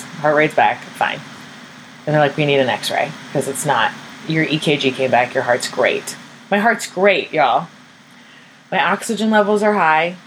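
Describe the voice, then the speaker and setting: A young woman with a low voice tells a personal story as a podcast host. She is candid and self-mocking, swears freely and acts out the people she quotes. A faint hum of air conditioning sits behind her. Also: low-quality recording.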